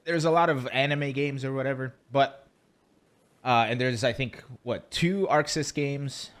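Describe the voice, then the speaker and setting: A male podcast co-host with a mid-range voice, talking in a loose, joking, chatty way. He rambles with fillers and quick asides as he gives his opinions. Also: medium pitch, fairly bright tone. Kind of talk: casual podcast chat.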